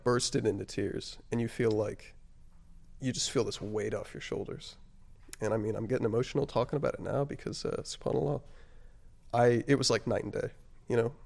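A man with a noticeably gravelly, fry-edged voice at an ordinary middle pitch tells his story as an interview guest. He speaks in a halting, reflective way, leaning on fillers and letting his voice sink softer on the heavier moments. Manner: halting and reflective, frequent "like" and "you know" fillers. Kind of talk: casual personal storytelling.

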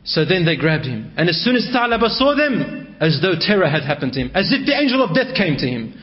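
A man's voice: a little high, sing-song, brisk. A man telling a religious story in a dramatic, emotive way, dropping in Arabic phrases, on a dull lo-fi recording.

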